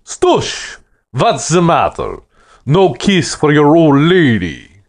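A man voicing a huge, taunting brute of a man with a booming voice and a Russian accent, in a fiction podcast reading. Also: wildly swooping pitch, slow, exaggerated voice. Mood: mocking. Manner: falsely sweet, taunting. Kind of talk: audiobook character voice.

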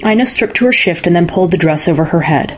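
A woman reading a fairy-tale story aloud in calm, measured narration. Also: lowish voice, slight background noise. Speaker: story reader. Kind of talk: scripted narration.

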